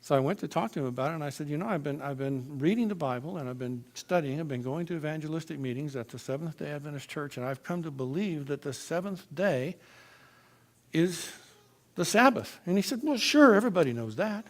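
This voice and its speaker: A man from Florida telling his personal testimony in church, in an animated, emphatic storytelling manner. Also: on the high side, brisk.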